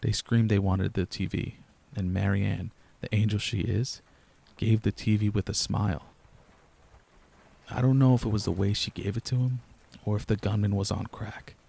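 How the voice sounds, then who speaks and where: A young man reading a first-person horror story aloud in a low-key, steady storyteller's way. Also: creaky, breathy edge. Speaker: narrator. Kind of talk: scripted horror narration.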